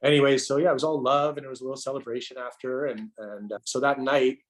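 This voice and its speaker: A middle-aged man, a podcast guest, tells an emotional personal story in a halting way, restarting and repeating words with many fillers. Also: medium pitch, steady tone.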